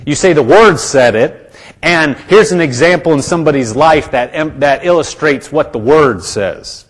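An American man preaching to his congregation in a loose, conversational sermon. His voice sits a little high for a man. He speaks earnestly and often circles back to restart his sentences. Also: moderate pace. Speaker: pastor.

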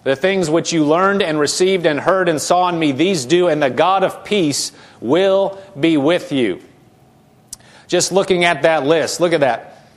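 A man's voice: on the high side, a little slow. A male pastor preaching a sermon, asking his congregation questions and repeating words as he goes.

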